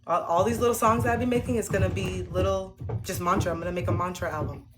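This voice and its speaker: A woman's voice: on the low side, steady tone, fast talker, very noisy. A woman streaming a card reading, talking earnestly and breaking into sing-song chanted mantras. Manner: earnest, motivational. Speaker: tarot card reader streamer. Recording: loud music behind voice.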